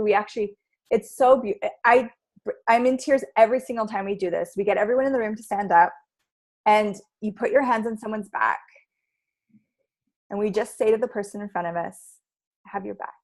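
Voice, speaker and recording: A woman interview guest speaks about her workshops with heartfelt enthusiasm, in an ordinary middle pitch. She talks in a loose, casual way and often drops "like" into her sentences. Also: a little fast, long pauses. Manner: enthusiastic, heartfelt, with frequent "like" fillers.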